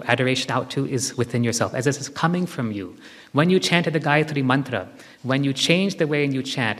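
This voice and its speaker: A man giving a live spiritual talk to a group, gently instructive and repeating his key phrases. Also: medium pitch. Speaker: spiritual teacher. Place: large hall with long reverb. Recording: long hall reverb from a live talk.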